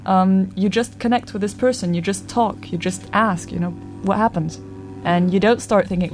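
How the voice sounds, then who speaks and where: A woman chatting casually and telling stories with lots of animation. She slips into the voices of the people in her stories. Quiet music plays faintly underneath. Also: mid-range voice, moderate pace, hardly any pauses. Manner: animated, acts out quoted voices. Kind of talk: casual storytelling chat.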